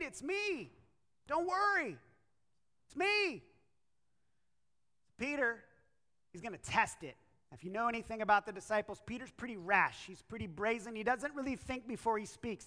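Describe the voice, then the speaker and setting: A woman preaches a sermon through storytelling, acting out the quotes and checking in with her listeners as she goes. Her voice is bright and clear, and it rings with a long echo through a large hall. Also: medium pitch, fairly quick. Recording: echoey hall.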